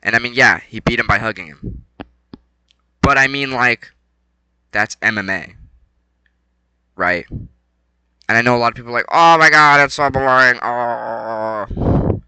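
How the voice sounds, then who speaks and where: A young man rambling casually about a fight night, excitable and slangy, swinging between low mumbles and loud bursts. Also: moderate pace, pauses often, smooth, dry recording, low-quality recording. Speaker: vlogger.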